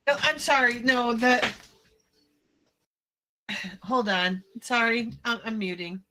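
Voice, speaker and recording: A woman's voice: fairly high pitch, slow pace, sharp tone. A woman playing a tabletop game, chatty and a little flustered. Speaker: player. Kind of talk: casual game talk.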